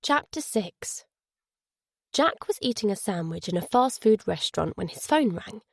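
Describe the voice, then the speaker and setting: Audiobook narrator: woman, measured storytelling, middle pitch, dry booth sound. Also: no room sound.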